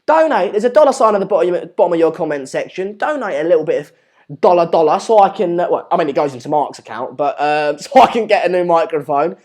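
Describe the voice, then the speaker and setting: A man's voice: a little high, lively intonation, fast talker, a little mellow. A man with an English accent hosting a live stream, chatting casually and reading out viewer comments in a rambling, jokey, self-deprecating way. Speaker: livestream host.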